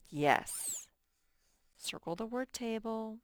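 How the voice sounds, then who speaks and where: A woman teacher leading a first-grade spelling lesson, slowly sounding out each word syllable by syllable. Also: fairly low pitch, clean tone. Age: adult. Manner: slow, sounds out words syllable by syllable.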